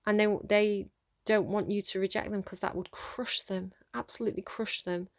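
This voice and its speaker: A woman's voice: mid-range voice, steady tone, normal speed, no room sound. A woman giving a casual tarot reading straight to her viewers, earnest and coaxing, laughing often between points. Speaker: tarot reader.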